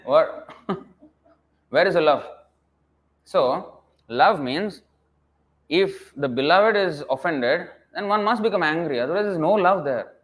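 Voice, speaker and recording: Scolding man preaching a scripture class. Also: a little high. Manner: emphatic, scolding, full of rhetorical questions. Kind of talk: scripture lecture.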